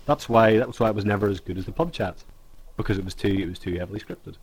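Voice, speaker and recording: A man's voice: lowish voice, breathy edge. A man with an Irish accent, co-hosting a podcast in a rambling, self-mocking casual chat over a call. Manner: rambling, self-mocking, quick bursts of laughter. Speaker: podcast co-host. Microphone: call recording.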